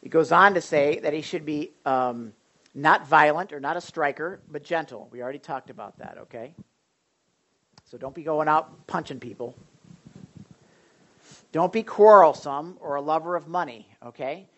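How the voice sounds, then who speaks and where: A man, a pastor preaching a sermon to a small group, moving between loud emphasis and quiet asides. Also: on the high side, normal speed, lo-fi sound.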